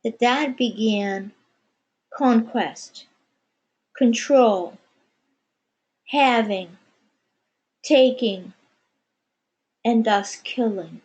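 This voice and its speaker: A woman channeling spiritual teachings, speaking of herself as "we". Her voice sits a little high, yet its tone is mellow and dark. She talks very slowly, with long pauses between short phrases. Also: husky, poor audio. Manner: measured, pausing often, speaks as "we". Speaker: channeler answering questions. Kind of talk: slow meditative spiritual channeling.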